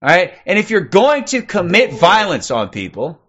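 A man in his forties rants on a livestream in a fairly high voice. He is profane and combative and keeps punctuating his points with "okay?". The sound is muffled and lo-fi. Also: wildly swooping pitch, moderate pace, fairly bright tone, breathy edge. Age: 40s. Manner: profane, aggressive, repeats "okay?" constantly. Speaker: livestream host. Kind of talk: ranting livestream commentary.

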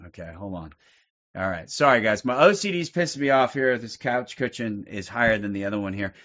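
A man's voice: fairly low pitch, lively intonation, brisk, fairly bright tone. Rambling, profane man on a lo-fi livestream. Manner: rambling, profane, many fillers. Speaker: livestream host. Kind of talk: casual livestream monologue. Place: sitting on a couch at home.

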